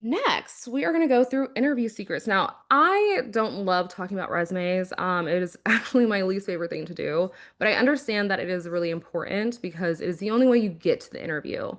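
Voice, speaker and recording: A woman who was once a recruiter, giving casual career advice in a conversational, animated way, often acting out quotes. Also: mid-range voice. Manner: conversational, animated, quick asides and acted-out quotes. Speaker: former recruiter and career coach.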